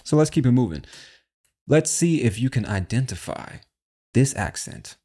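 A man's voice: medium pitch, expressive, moderate pace, dark tone, slightly rough. A man hosting an English-learning show, chatting casually and talking directly to the listener as "my friend.". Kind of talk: casual podcast talk.

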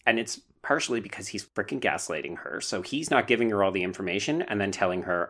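A man's voice: fairly low pitch, animated, brisk, few pauses, fairly bright tone. A man hosting a podcast, giving opinionated, wry commentary in a casual discussion. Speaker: podcast host.

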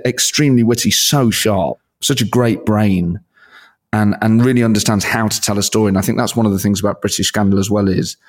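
Male comedian, low voice, animated and self-mocking interview chat. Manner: excitable, self-deprecating, laughs often. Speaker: comedian and impressionist guest.

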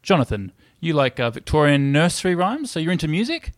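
A man hosting a comedy quiz podcast, playful and quick to laugh. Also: on the high side, big pitch swings, dry recording, clean studio sound. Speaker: podcast host, quizmaster.

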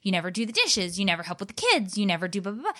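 Frank, animated woman, dry sound. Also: mid-range voice, racing, no room sound. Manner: frank, animated, many restarts. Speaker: podcast guest, blogger and author. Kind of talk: candid personal storytelling.

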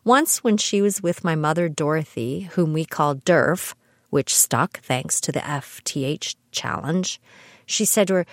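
A woman's voice: low voice, measured pace, no room sound. Wry middle-aged Canadian woman storyteller. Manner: dry, wry humor with laughs. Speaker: podcast host. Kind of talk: scripted personal storytelling.

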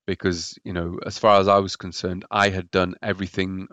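A man's voice: low-pitched, little pitch movement, brisk, fairly bright tone, no echo, dull audio. A man telling his own story as a podcast guest, hesitant and often repeating words. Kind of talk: personal story in a podcast interview.

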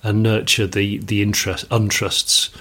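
A man's voice: on the low side, flat delivery, unhurried, sharp tone, slightly rough. A middle-aged man from England co-hosting a podcast, talking enthusiastically in rambling casual chat. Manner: rambling, enthusiastic, many restarts. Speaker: podcast co-host.

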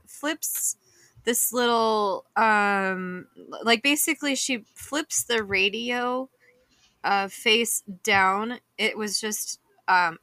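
A woman's voice: medium pitch, pushed and bright, dry recording. A woman narrating a tabletop game as game master, laughing often and using many fillers. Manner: giggly, filler-heavy narration.

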